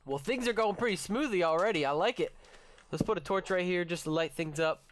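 A young man hosting a let's-play, chatting excitedly with his viewers and his pet, cursing when startled. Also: high-pitched, fairly quick. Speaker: gaming channel host. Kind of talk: casual let's-play commentary.

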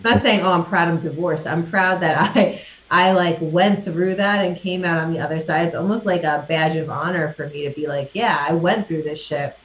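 An outspoken woman chats as a guest and swears freely. Her voice sits on the low side, and she sounds echoey, as if calling in from a bare room. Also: normal speed, muffled recording. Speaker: guest author. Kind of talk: casual chat.

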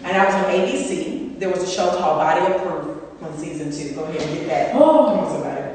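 A woman, giving an animated motivational talk and acting out voices as she tells stories. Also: lowish voice, fast, slight background noise. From Southern US. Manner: animated storytelling, acts out voices, laughs often. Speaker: motivational speaker. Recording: echoey hall, mic far off.

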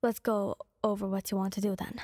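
A woman voicing a calm, caring teenage boy hero in whispered role-play, soft and gently coaxing. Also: mid-range voice, fairly quick, dry recording, clean studio sound, voice pushed down, close to an everyday voice. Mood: gentle.

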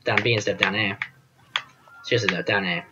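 A man's voice: lowish voice, fairly even intonation, a little fast, muffled recording, noisy background. A man giving casual gameplay commentary as host of his channel, rambling and self-deprecating, often trailing off with fillers.

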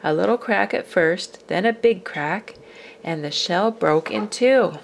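A woman reading a children's picture book aloud, expressive and dropping to whispers for suspense. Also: on the low side, a little slow, gravelly, slight background noise. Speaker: storyteller.

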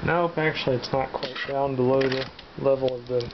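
A man talks half to himself as he works, tossing out dry, self-mocking asides. The recording is dull and lo-fi. Loud mechanical clatter runs underneath his voice. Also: mid-range voice, fairly even intonation, moderate pace, background noise. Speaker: video maker tinkering with hardware. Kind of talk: casual running commentary while working.

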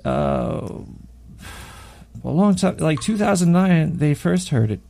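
Male talk-show host, gravelly and animated, profane paranoid rambler. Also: fairly high pitch, slow pace, slight background noise. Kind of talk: rambling conspiratorial monologue.

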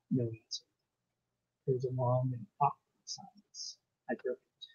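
Husky man reading a ghost story. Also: medium pitch, completely flat delivery, darkish tone. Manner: measured, formal storytelling. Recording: dull lo-fi recording.

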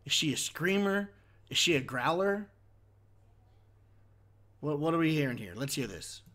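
A man's voice: on the high side, very animated, measured pace, pushed and bright, slight background noise. A man chatting casually as he reacts to a concert video, wondering aloud and easily impressed.

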